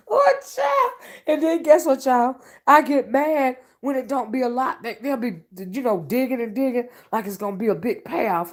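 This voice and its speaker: A woman host chatting casually and rambling to her viewers on a late-night livestream, sleepy and talking in a loose, folksy way. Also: a little high. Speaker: channel host.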